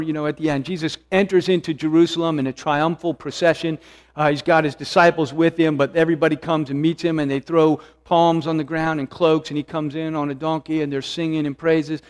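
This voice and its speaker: A man's voice: a little high, in a large hall. A male pastor preaching an expository sermon, earnest and searching, with restarts and rising emphasis.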